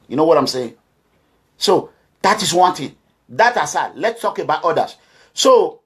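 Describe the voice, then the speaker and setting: A middle-aged man from Nigeria, speaking forcefully as a community advocate, urging and lecturing his listeners. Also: fairly high pitch. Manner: forceful, exhorting, repetitive, quotes others in voices. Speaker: community advocate addressing followers. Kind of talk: impassioned monologue.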